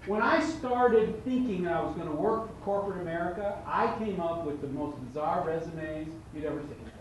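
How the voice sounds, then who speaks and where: A man's voice: on the high side, moderate pace. A man giving a motivational seminar talk to a live audience, telling stories with humor and acting out the dialogue. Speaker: motivational speaker. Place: large event room. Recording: echoey hall from far off with faint noise.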